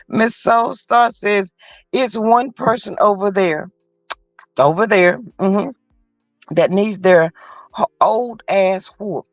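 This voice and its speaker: A woman's voice: medium pitch, takes it slowly, long pauses, dry recording. A woman hosts a casual live chat, gossiping and reading viewer comments aloud. She fills the gaps with frequent mm-hmm's. The audio is dull and lo-fi, quite dry, with faint music underneath. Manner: chatty and gossipy, frequent mm-hmm interjections. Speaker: livestream host.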